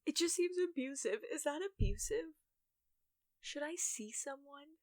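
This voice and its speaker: Slow, chatty young woman vlogger. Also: sits high, animated, a little mellow, dry recording, clean studio sound. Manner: rambling, self-mocking, full of fillers. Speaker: YouTuber. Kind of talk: casual storytime monologue.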